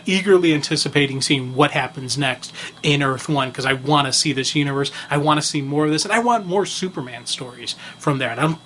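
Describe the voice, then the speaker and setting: A man's voice: fairly high pitch, fairly bright tone, slight background noise. A man co-hosting a podcast in casual chat, talking with rambling enthusiasm and many fillers. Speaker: podcast co-host.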